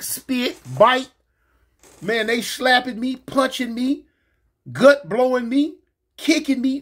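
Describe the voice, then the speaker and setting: A man casually telling a story from his past, slangy and animated, jumping in pitch and making sound effects as he goes. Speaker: storyteller recounting his prison days.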